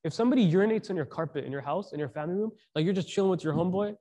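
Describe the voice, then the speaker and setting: A man's voice: high voice, rapid-fire, mellow. A man giving a conversational sermon, asking the audience questions and mixing in slang. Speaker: preacher.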